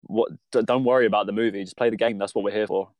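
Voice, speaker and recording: A man's voice: on the low side, fairly even intonation, fast, darkish tone, dry recording. A man chatting on a gaming podcast, rambling with restarts. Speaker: podcast co-host. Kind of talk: casual chat.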